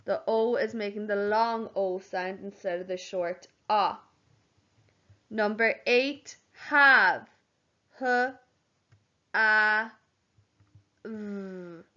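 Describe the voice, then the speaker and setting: A primary school teacher with a mid-range, bright, forceful voice gives young children a spelling lesson for home learning. She goes slowly, spelling each word out letter by letter, and the home recording sounds dull and lo-fi.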